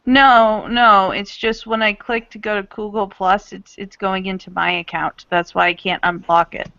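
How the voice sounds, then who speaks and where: A woman running a tabletop role-play game over voice chat, talking quickly and a little scattered. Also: mid-range voice, fairly even intonation, gravelly, pushed and bright, dry recording. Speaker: game master. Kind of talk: casual game narration. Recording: dull lo-fi voice chat, dry.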